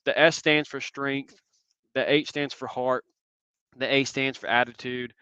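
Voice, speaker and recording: Earnest young man, forceful crisp voice, dry dull lo-fi sound, reflective conference speaker. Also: medium pitch, steady tone, unhurried, dry recording. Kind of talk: conference talk and Q&A.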